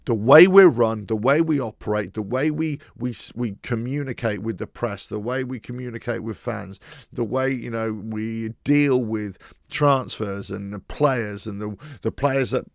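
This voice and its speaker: Male fan host, very gravelly, dry close sound, emphatic opinionated monologue. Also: mid-range voice, measured pace, dry recording. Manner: emphatic, repetitive, frustrated. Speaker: football fan channel host. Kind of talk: opinionated solo commentary.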